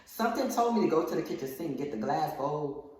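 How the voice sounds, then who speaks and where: Low-voiced woman telling a story. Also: fast. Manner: rambling, animated storyteller who acts out quotes. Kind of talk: casual storytime. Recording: very echoey room, faint hiss.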